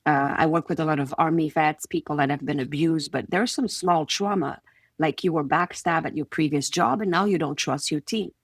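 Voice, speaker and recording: Quebec French-accented woman, low, dry. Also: normal speed, no echo. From Quebec City, Canada. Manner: animated, acts out little scenes in quoted voices. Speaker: guest, confidence coach. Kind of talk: conversational podcast interview.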